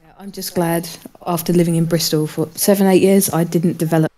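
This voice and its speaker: A woman's voice: lowish voice, fairly even intonation, warm tone, poor audio. Wry woman, casual chat. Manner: wry, quick to laugh.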